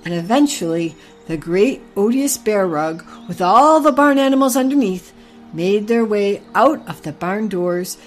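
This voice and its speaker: A woman telling a children's barnyard story in a gentle, even reading voice. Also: mid-range voice, measured pace, soft background music.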